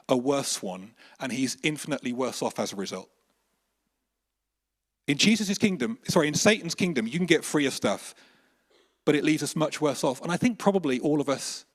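Animated male preacher giving a sermon. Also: on the high side. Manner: animated storytelling, shifts between emphatic and hushed.

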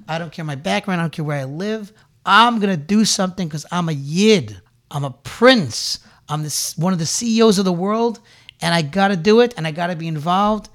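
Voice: medium pitch, a bit bright. A Jewish inspirational speaker giving an impassioned talk. The speaker tells stories, weaves in Hebrew and Yiddish terms, and builds through repeated lines to rallying calls. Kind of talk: impassioned religious exhortation.

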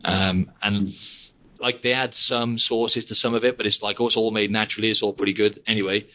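A young podcast host with a lowish, brisk voice talks in a flat yet bright, forceful way, with slight background noise. His chat is rambling and casual, and he drops "mate" and "like" constantly.

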